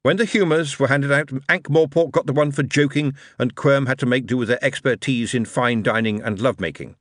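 A man reading an audiobook, voicing a glib, flattering young businessman with a breezy manner. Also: medium pitch, a little fast, no echo, clean studio sound, pitched above the performer's own voice, natural voice.

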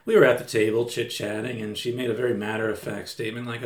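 A man's voice: lowish voice, flat delivery, fast talker. A man who is a podcast guest, chatting casually and rambling with frequent restarts. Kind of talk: casual chat. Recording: roomy echo.

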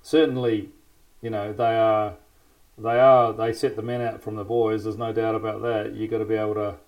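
A man on a podcast, weighing ideas aloud with small restarts. His voice sits fairly low, and he talks at an everyday pace. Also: level tone, moderate pace, darkish tone, lo-fi sound. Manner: thoughtful, hesitant, with restarts. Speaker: podcast co-host. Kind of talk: casual discussion.

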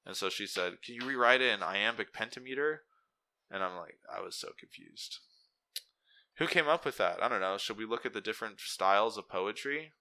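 A man's voice: lowish voice, lively intonation, moderate pace, gravelly, sharp tone. A man hosting a casual solo podcast, rambling and interrupting himself as he muses aloud and reads text off his screen. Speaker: podcast host.

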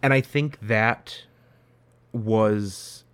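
A man hosts a podcast in casual conversation, rambling with lots of fillers and restarts. His fairly low voice is smooth and a bit bright, and he speaks very slowly. The recording is dry.

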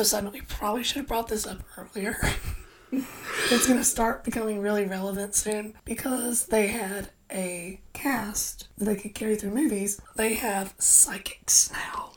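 A woman co-hosting a casual movie podcast, recapping plots in a relaxed way. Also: medium pitch, measured pace. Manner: relaxed, summarizes the plot. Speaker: podcast co-host.

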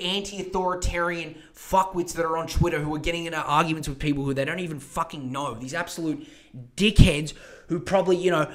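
A young man rants alone on his podcast, swearing freely and rambling through his points. His voice sits high for a man. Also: fairly bright tone. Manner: profane, ranting, rambling. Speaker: podcast host. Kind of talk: solo political rant podcast.

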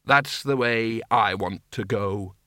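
A man's voice: fairly low pitch, slow, pushed and bright, dry recording. A man voicing a nervous, pompous older wizard in an audiobook, speaking in a blustering way.

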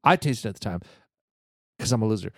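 A man's voice: fairly low pitch, animated, fast, gravelly, a bit bright, no room sound, studio quality. A man co-hosting a podcast in casual banter, rambling along with fillers and restarts. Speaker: podcast co-host.

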